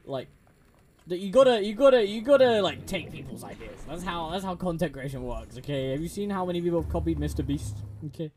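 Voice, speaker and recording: A man's voice: on the high side, very animated, fairly quick, a little mellow, slight background noise. A young man streaming a game, chatting to a friend, giggling and stumbling over restarts. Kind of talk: casual gameplay chat with a friend.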